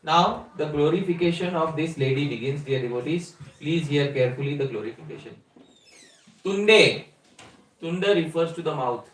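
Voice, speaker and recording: A man's voice: on the high side, expressive, normal speed. A man giving a scripture lecture, explaining a verse step by step and putting questions to his listeners. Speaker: spiritual teacher. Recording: echoey room, mic at a distance.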